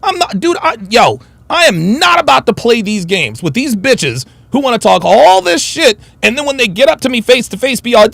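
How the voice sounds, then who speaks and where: Reading super chats on his livestream, a man rants bluntly and combatively with lots of swearing. His very high voice is sing-song, slightly bright and fried, delivered at normal speed with no echo.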